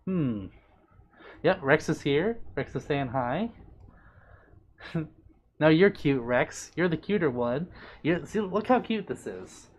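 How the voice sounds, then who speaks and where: A man casually chatting on a live stream, reading out chat messages in a playful, doting, bubbly way with big jumps in pitch. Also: animated, slow pace, long pauses, slight background noise.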